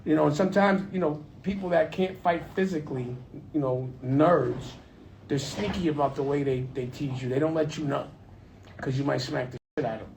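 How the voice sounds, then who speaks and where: A studio owner sits in his studio room talking business, easygoing and slangy, often trailing off and restarting. His voice is a little high, a little fast, gravelly, and slightly mellow. He's far from the mic, so the sound is roomy with faint noise.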